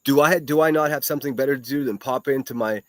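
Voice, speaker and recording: A man's voice: medium pitch, fast, no echo. Profane, combative man with dry sound. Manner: combative, heavily profane, mocking insults. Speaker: solo livestream podcast host. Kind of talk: ranting commentary reacting to clips.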